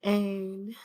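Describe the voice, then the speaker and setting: A grieving woman telling a personal story in a casual, rambling, slangy way, laughing between thoughts and swinging between calm and anger. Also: mid-range voice. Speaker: vlogger sharing a personal story.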